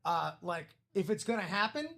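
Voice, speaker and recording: A man's voice: high voice, animated, moderate pace, creaky, pushed and bright. A man co-hosting a live memorabilia stream, bantering playfully and joking around. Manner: playful, jokey, swings into silly voices. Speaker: co-host.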